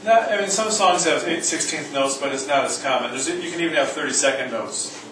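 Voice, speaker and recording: Guy teaching music to a class, kinda high voice, big echoey room, mic way off. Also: brisk, distant mic, noisy background. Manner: joking, coaxing, sings rhythm syllables. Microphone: far from the mic. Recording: echoey room recorded from afar.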